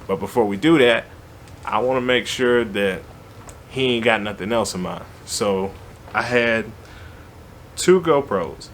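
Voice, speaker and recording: A man tells a story in an animated, slangy, conversational way. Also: lowish voice, unhurried, long pauses, slight background noise. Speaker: vlogger. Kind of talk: casual storytelling.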